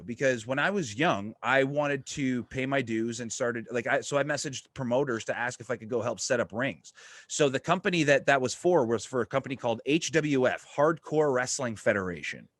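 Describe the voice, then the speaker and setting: A man hosting a podcast, telling a story in a casual, excited way and swearing freely. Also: mid-range voice, brisk. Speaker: podcast host.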